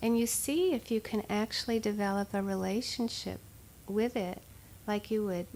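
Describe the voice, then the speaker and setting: A woman's voice: medium pitch, moderate pace, slight background noise. Woman teaching meditation, conversational. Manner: conversational, with frequent fillers and soft laughs. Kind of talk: dharma talk.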